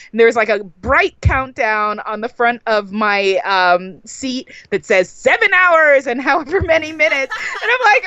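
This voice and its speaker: A woman guest in a casual podcast interview, telling a story and acting out her own reactions with big, excited jumps in her voice. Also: high-pitched, no echo, muffled recording.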